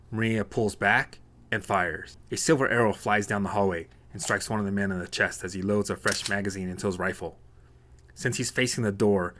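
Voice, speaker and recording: A man narrating an action novel as an audiobook in a steady, plain reading. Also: lowish voice.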